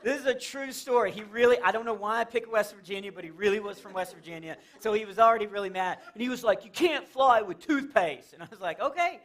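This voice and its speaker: A man's voice: sits high, quick pace, hardly any pauses, a bit bright. A man performing a stand-up comedy set in a church, telling stories animatedly, acting out characters and laughing at his own jokes. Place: church stage before a laughing audience.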